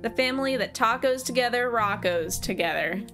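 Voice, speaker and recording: A woman's voice: on the high side, animated, normal speed, fairly bright tone, faint music behind. Woman voicing a goofy dad, corny jokes, mock drama, game dialogue. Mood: jokey. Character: goofy dad who loves puns.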